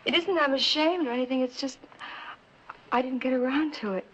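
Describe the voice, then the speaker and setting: A woman's voice: sits high, brisk, fairly bright tone, dull audio, slight background noise. An actress in her thirties playing a volatile burlesque stripper in a 1960s film drama, defensive and cutting. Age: 30s. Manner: defensive, turning bitter and cutting.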